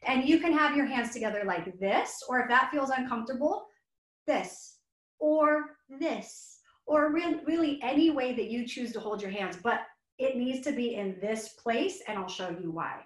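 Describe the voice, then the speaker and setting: A woman's voice: fairly high pitch, normal speed. Soothing woman yoga teacher in an echoey room. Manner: soothing, encouraging, speaks to children and teachers. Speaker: children's yoga instructor. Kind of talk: guided yoga instruction in a webinar. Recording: roomy echo.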